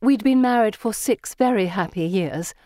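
A severe middle-aged headmistress speaks in clipped, subdued phrases, as a woman narrator gives her voice. The delivery is quiet and restrained, read for an audiobook. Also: mid-range voice, expressive, moderate pace, no echo, studio quality, voice pushed up, lightly acted. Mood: sorrowful. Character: stern middle-aged headmistress, wistful widow.

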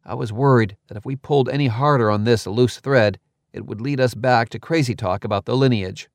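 A man narrating a novel in the first person, in measured, even storytelling. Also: mid-range voice, no echo, studio quality. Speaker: audiobook narrator.

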